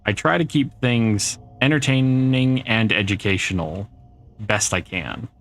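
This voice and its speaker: A man's voice: on the low side, unhurried, fairly bright tone. A middle-aged man streaming a game, chatting casually and answering viewer comments as he plays. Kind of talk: casual gameplay chat.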